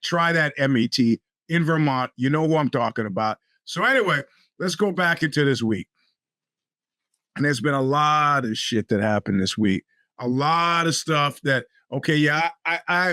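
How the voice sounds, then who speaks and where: A man hosts his own podcast in loose, rambling talk full of wry, profane asides. His voice sits high and bright, and his speech is a little thick from a bitten tongue. The close mic sounds dry. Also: no room sound. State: talking a bit funny from a bitten tongue. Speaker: podcast host. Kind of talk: casual solo podcast talk.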